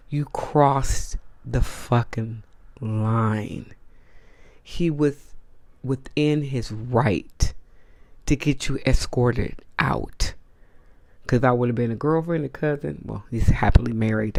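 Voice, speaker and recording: A man's voice: medium pitch, gravelly, a little mellow, no room sound. A man hosting his own channel, delivering a blunt, profane, outraged opinion rant to the camera and hammering his points home. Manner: repeats points for emphasis. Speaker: host.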